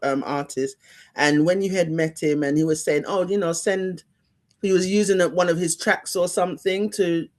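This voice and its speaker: A man's voice: high-pitched, steady tone, moderate pace. A man hosting an interview, asking his questions in a rambling way, searching for words and restarting often. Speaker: interview host. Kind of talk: conversational interview.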